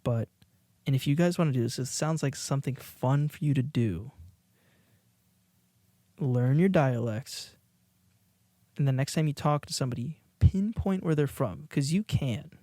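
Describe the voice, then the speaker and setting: A man co-hosts a podcast in loose, casual chat, laughing often and restarting his sentences. His voice sits at a middling pitch. The recording is dry and close, with no room echo. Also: a little fast, warm tone. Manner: rambling, laughing, many restarts. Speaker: podcast co-host. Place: indoors, watching a video while recording.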